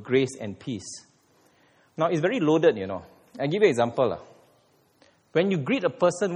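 Male pastor, fairly high and lively voice, preaching in an echoing sanctuary. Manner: animated preaching with sudden emphatic rises. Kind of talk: sermon.

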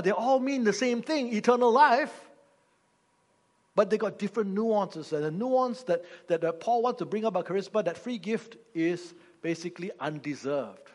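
A man's voice: high voice, long reverb tail. A man preaching a sermon, teaching in a humorous way and putting questions to the congregation.

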